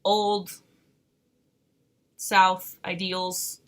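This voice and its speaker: A woman's voice: fairly low pitch, little pitch movement, extremely slow, fairly bright tone. A woman streamer chatting casually as she reacts to music, giggling often and full of questions.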